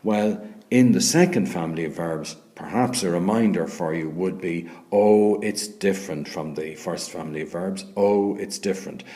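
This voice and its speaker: A man's voice: low voice, normal speed, hardly any pauses, dark tone. A man with an Irish accent teaching a recorded grammar lesson. He is patient, spells words out letter by letter and often checks in with "okay?". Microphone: voice-over on a screen recording.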